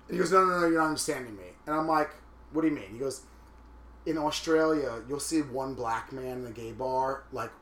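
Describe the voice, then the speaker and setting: A man in his thirties, co-hosting a casual podcast chat, telling stories in a flamboyant, animated way and acting out the people he quotes. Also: fairly high pitch, reverberant. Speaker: podcast co-host.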